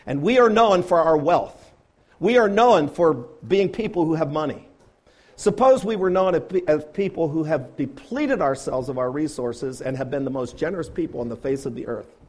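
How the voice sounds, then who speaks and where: With a strikingly high voice, a male preacher raised on a farm challenges his congregation through rhetorical questions. His delivery swells into loud pleas before sinking to hushed, low-pitched asides.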